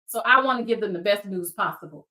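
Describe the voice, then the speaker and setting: A woman hosting her own show, telling a story straight to camera in a lively way and talking to her viewers directly. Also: medium pitch, fast. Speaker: searcher for biological families, show host. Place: lives in Georgia.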